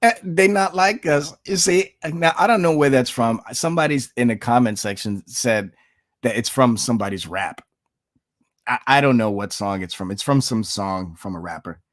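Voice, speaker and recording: A man's voice: mid-range voice, normal speed, no room sound, studio quality. Blunt man doing reaction commentary. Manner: peppers talk with "okay?" and "you know", blunt and sarcastic; shifts into preaching when citing scripture. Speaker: online commentator.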